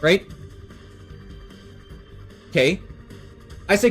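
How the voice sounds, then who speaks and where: Streamer, mid-pitch voice, casual rambling chat full of cursing, quiet music underneath. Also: lively intonation, takes it slowly, long pauses, poor audio. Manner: rambling enthusiastic tangents with swearing. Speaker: live streamer.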